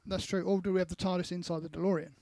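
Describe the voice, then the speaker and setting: A man's voice: high voice, level tone, rapid-fire, vocal fry, a little mellow, dry recording. A man from England co-hosting a band's livestream, joking and reading out viewers' jokes. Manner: jokey, reads out viewer jokes. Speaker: band member, co-host. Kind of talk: casual chat.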